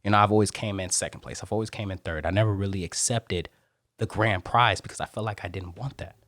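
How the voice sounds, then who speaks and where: A man, a Marine, telling stories as a guest on a podcast interview in an animated way. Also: low-pitched, dry recording, clean studio sound. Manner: animated, rapid storytelling.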